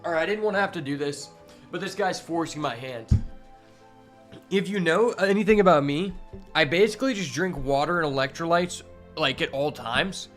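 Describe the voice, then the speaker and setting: A man with a slightly high voice streams a card game, chatting loosely to his viewers. He swears freely and gets worked up over his draws, with soft music playing underneath. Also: normal speed. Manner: profane, excitable, talks to chat. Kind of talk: casual live-stream commentary while playing.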